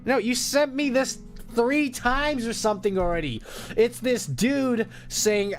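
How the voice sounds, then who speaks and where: Male VTuber, loud joking trash-talker, fairly high and very animated, light guitar bed underneath. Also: a little slow. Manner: crude, joking, trash-talking chat, laughing often. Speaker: VTuber streamer. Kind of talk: casual chat stream.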